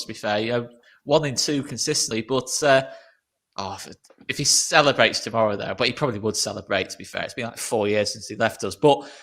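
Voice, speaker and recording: A man's voice: mid-range voice, fairly bright tone. A man hosting a casual football chat, chatty, laughing often and restarting his sentences. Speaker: podcast host.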